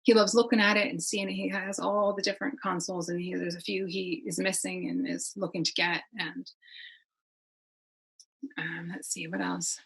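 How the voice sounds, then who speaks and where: A middle-aged woman talks easily as a podcast guest, rambling from one thought to the next and breaking into laughs. Her voice is husky and a little breathy. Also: lowish voice, level tone, normal speed, low-quality recording. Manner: chatty, rambling, laughs often. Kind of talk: casual conversation.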